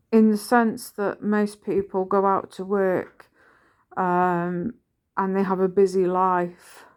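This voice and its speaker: A woman, talking casually in a halting way with many ums as she shares her journal. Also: mid-range voice, a little mellow, clear, resonant tone. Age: 40s. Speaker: vlogger sharing her journal. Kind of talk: casual personal vlog talk.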